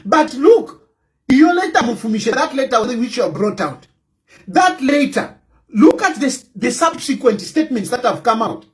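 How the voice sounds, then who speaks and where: A middle-aged man with a Zambian accent holds forth in an impassioned monologue. His voice sits high and leaps up and down, and he hammers his points again and again, often climbing into a shout. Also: very animated, unhurried. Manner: fervent and repetitive, often raising his voice to a shout. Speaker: political commentator.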